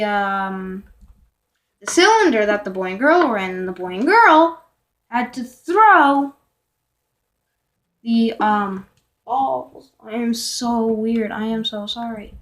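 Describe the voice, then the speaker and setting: Telling a storytime vlog, a young teenage girl rambles along with fillers, self-corrections and whispered asides. Her voice is a little high with a fairly bright tone.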